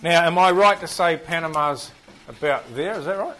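A man's voice: on the high side, normal speed, a bit bright, rough recording. A man with a New Zealand accent teaching a Bible class, quizzing the group and joking at his own expense. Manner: chatty, self-deprecating, asks the group questions.

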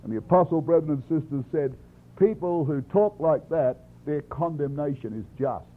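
In a tinny, phone-like lo-fi recording, a man preaches a sermon expounding scripture. His voice is a little high and his pace moderate, and he speaks earnestly and emphatically, often addressing the congregation directly.

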